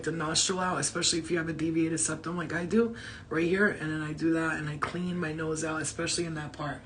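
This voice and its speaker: A woman's voice: deep voice, fairly bright tone, a little hiss or hum. A woman hosting a psychic live stream from home, rambling and blunt with frequent swearing, her throat dry. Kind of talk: casual live-stream reading.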